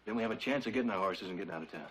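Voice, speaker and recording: An actor playing a quick-thinking frontier man pinned down in a siege in a TV western, laying out a plan in a low, urgent voice. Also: background noise, close to an everyday voice. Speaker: lawman's partner under siege. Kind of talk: 1960s TV western acting.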